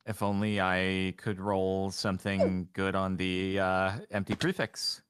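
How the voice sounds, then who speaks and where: A young man chatting casually while playing a game with friends, easily startled into rapid alarmed exclamations. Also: sits low, completely flat delivery, a bit bright, clear, resonant tone, dry recording, clean studio sound. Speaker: gamer. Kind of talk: casual gaming chat.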